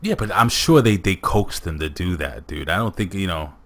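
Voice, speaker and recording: Male host, low voice, lively delivery, jokey, casual wrestling talk. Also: moderate pace. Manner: animated, jokey, swears. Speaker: podcast host.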